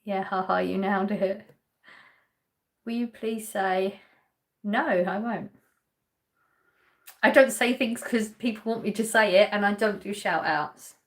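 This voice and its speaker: A woman's voice: mid-range voice, moderate pace. A woman from Essex with an Essex English accent, hosting a live stream and chatting casually as she reads out and answers viewer comments. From England. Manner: chatty, lightly laughing, answers chat questions directly.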